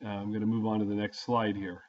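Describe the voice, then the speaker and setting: A man's voice: lowish voice, level tone, fast. An older man casually telling a story from his youth in a folksy, plain-spoken way. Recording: dull lo-fi audio.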